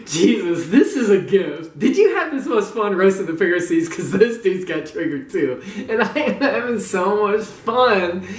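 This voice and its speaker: A man's voice: sits high, expressive, a little slow, hardly any pauses, recorded from a distance. A man ranting casually to his gaming community as a vlogger, gleeful and mocking, laughing often and swearing freely. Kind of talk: casual profane rant. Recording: roomy, voice away from the mic.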